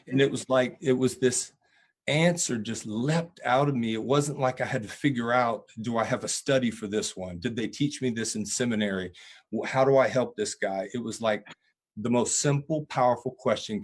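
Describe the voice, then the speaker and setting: A man's voice: medium pitch, moderate pace, breathy edge. A man, a preacher and guest, telling earnest stories in an interview answer. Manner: earnest, animated storytelling with laughs.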